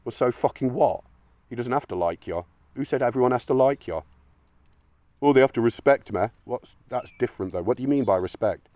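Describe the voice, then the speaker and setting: A man's voice: mid-range voice, animated, brisk, dark tone, no room sound. A man giving a blunt, argumentative monologue, swearing often. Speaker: channel host. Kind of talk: opinionated monologue.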